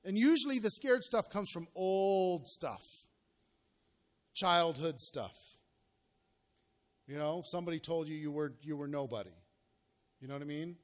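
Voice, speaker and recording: Earnest high-voiced man coaching a room. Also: animated, measured pace, pauses often. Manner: earnest, direct, asks the room questions. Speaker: network marketing coach. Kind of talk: live coaching talk to a group.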